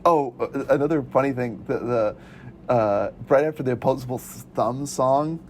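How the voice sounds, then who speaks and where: A man chatting casually about a movie, excitable, laughing often and acting out lines. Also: medium pitch, moderate pace, slight background noise.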